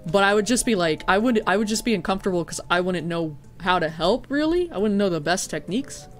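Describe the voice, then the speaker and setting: A man's voice: sits high, lively intonation, fast, a bit bright, faint music behind. A man streaming a video game and chatting casually with viewers, rambling with lots of "like" fillers, swearing and laughing easily.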